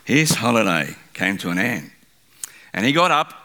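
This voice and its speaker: A male pastor preaching a sermon, telling a story in an animated way. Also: on the low side, moderate pace.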